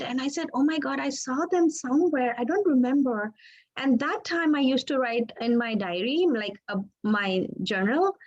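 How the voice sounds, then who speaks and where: A woman sharing a personal testimony as an interview guest, earnest and halting, often restarting her words. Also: high voice, dull audio. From Pakistan.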